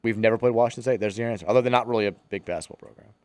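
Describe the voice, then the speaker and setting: A man in his thirties hosting sports radio, his voice close and dry with no room sound. He reads listener texts and teases his co-host with dry, deadpan humor. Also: lowish voice, very fast, dry recording. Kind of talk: casual sports radio banter.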